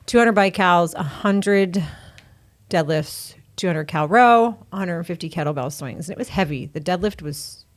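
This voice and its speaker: Lower-pitched woman, gym coach, lively and chatty. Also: moderate pace. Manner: animated storyteller, laughing often. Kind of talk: casual chat.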